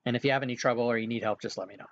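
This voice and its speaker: Man, game master, easygoing explanations, mid pitch, slightly muffled stream audio. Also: rapid-fire, slight background noise. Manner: relaxed, explanatory, with frequent filler sounds. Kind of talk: casual instructions during an online game session.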